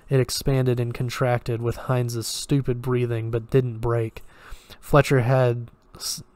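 A man reads a horror story aloud in a measured, steady way, now and then tripping over a word. His voice sits at an ordinary male pitch and stays flat. The recording is close and dry, with no room sound. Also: dry recording. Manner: measured and steady, with occasional slips. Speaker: story reader.

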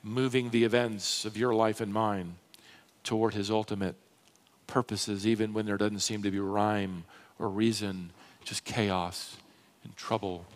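A man preaching a sermon from a church pulpit, slow and dramatic, swelling into emphatic rises. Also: lowish voice, flat delivery. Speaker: pastor. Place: church sanctuary.

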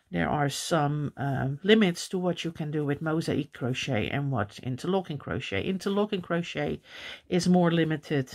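A woman's voice: sits low, a little mellow. A Dutch woman with a Dutch accent teaching crochet in a casual tutorial, chatting and counting stitches under her breath. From Netherlands.

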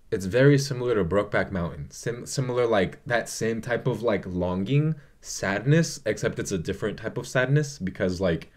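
Rambling, gushing young man, lowish voice. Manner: rambling, gushing and profane, with many fillers. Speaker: vlogger reviewing a movie. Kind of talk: casual movie review chat.

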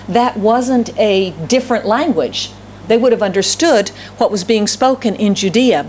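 A woman's voice: medium pitch, a little mellow, a little hiss or hum. A middle-aged woman pastor with a Southern US accent, preaching a sermon and telling stories, often repeating phrases for emphasis. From Southern United States.

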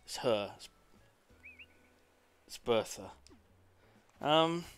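A man rambles casually while streaming a game, drifting between chatty asides. His delivery is slow and unhurried, yet his pitch bounces around with lots of lively movement. Faint game music sits underneath. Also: clean tone. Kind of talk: casual gameplay commentary.

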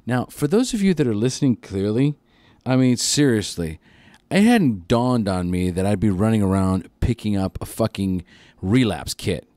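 A man's voice: on the low side, normal speed, dry recording, studio quality. A man telling a story on a podcast as a guest. He speaks casually, swears freely and acts out what other people said. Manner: profane, animated retelling with acted-out quotes.

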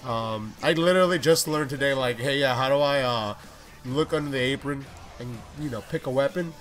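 A young man giving profane let's play commentary on a wrestling game, muttering low asides and then shouting at what happens on screen. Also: fairly quick. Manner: swears constantly, swings from mumbling asides to shouting at the game. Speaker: gaming YouTuber.

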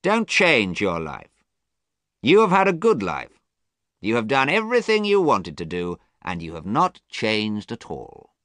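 A cynical, amused gentleman who drawls his words slowly , as a storybook narrator puts him on. His pitch moves widely over a dry, close sound. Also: wildly swooping pitch, no room sound, full character voice. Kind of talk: storybook character reading.

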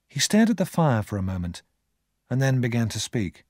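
A man narrating an audiobook in expressive storytelling fashion. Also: medium pitch, normal speed, no room sound, clean studio sound. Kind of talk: scripted narration.

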